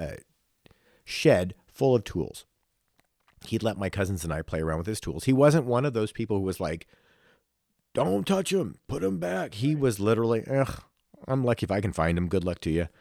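A man with a deep voice tells a personal story on a casual talk show, reflective and emotional. He halts often and restarts his sentences. The recording is close and dry, with no room sound. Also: a little mellow, dry recording. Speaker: podcast co-host.

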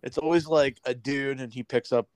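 A man's voice: mid-range voice, fairly even intonation, normal speed, a little mellow, no room sound. Laid-back guy with a dry close sound. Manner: laid-back, says dude a lot, blunt. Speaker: podcast co-host. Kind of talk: casual chat.

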